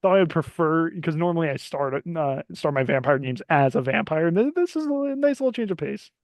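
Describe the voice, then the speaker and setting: Stammering player, light voice. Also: male voice, fairly high pitch, lively intonation, a little fast, no echo. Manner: hesitant, stammering, friendly. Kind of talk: playing a tabletop game.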